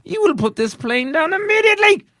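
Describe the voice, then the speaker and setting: A man's voice: very high voice, very animated, brisk, sharp tone, no room sound, clean studio sound, pitched above the performer's own voice, heavily acted. A man voicing a pompous, indignant English airline passenger with a put-on English accent.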